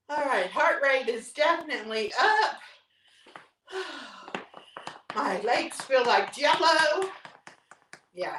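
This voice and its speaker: A woman's voice: mid-range voice, a bit bright. A woman, hosting a live workout stream, counting reps between breaths. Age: 60s. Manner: breathless, upbeat counting with whoops. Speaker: fitness vlog host. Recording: echoey room, mic at a distance.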